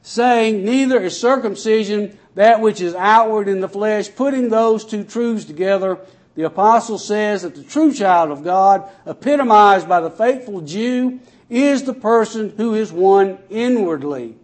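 A man's voice: measured pace, a little mellow. A man preaching a sermon, reading scripture aloud and then explaining it in plain words, his voice rising and falling for emphasis. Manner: raises and lowers his voice sharply for emphasis.

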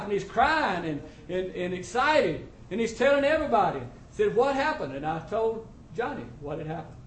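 A man's voice: high voice, big pitch swings, moderate pace, hardly any pauses, a little hiss or hum. A man preaching a testimony sermon to his church, telling the story in a folksy way with plain country grammar. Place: church congregation. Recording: roomy echo with faint ambience.

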